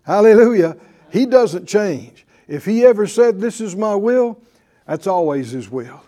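A man's voice: sits high, animated, a little slow, mellow. A male pastor preaching a sermon to a live congregation, with emphatic call-and-response delivery. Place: church before a live congregation.

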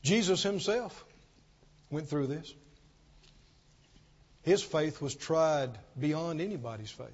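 A man preaching a sermon as pastor, swinging from loud declarations to soft pleading, with repetitive call-and-response. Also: on the high side, slow, pauses often, breathy edge, lo-fi sound.

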